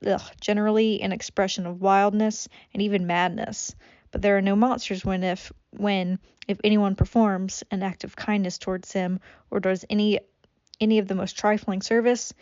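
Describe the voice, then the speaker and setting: A woman's voice: medium pitch, darkish tone, clear, resonant tone, dry recording, highs cut off. A woman reading a classic novel aloud as an amateur audiobook, stumbling over words and breaking off for swearing asides. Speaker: audiobook reader.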